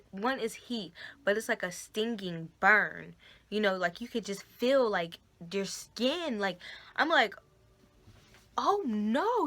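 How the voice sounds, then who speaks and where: Unhurried, bright-voiced woman vlogger. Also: mid-range voice. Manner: chatty, addresses viewers as y'all and guys. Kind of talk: casual storytime to camera. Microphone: phone camera.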